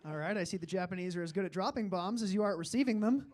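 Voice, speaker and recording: A man's voice: high-pitched, fast talker, hardly any pauses, darkish tone. A young man from Alberta, Canada, doing a stand-up comedy set, self-deprecating and rambling, with frequent fillers.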